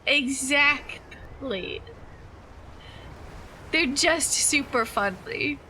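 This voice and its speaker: Giggly bright-voiced woman streamer. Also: high-pitched, lively intonation, slow pace, slight background noise. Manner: giggly and playful. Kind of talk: casual game-stream chat.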